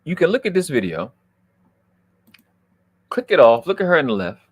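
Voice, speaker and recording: A man hosting a livestream, ranting in a heated, profane way and swinging from low muttering to loud outbursts. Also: very animated, normal speed, slightly rough, no room sound. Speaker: livestream host.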